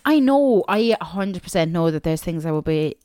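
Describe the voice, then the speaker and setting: A woman's voice: on the low side, expressive, normal speed, warm tone, dry recording, studio quality. A young woman, co-hosting a podcast in casual chat, teasing and sarcastic. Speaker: podcast co-host.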